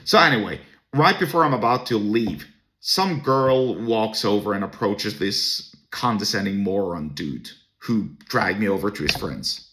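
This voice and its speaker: A man's voice: fairly low pitch, expressive, measured pace, fairly bright tone. A man hosting a podcast, telling a personal story to camera in a blunt, crude and scornful way. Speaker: podcast host.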